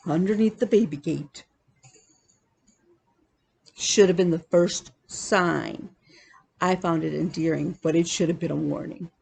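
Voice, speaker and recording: A woman vlogging about her cross-stitch hobby, telling animated, chatty stories with laughs. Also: lowish voice, creaky, a little hiss or hum. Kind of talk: casual chat.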